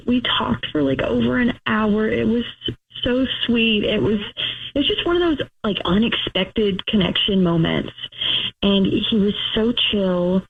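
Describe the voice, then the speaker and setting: A woman's voice: a little high, unhurried, vocal fry, husky. A young woman calling in to a talk show, chatty and gushing, with many fillers and restarts. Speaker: caller. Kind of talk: telling a dating story on a call-in show. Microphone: phone. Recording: tinny phone line.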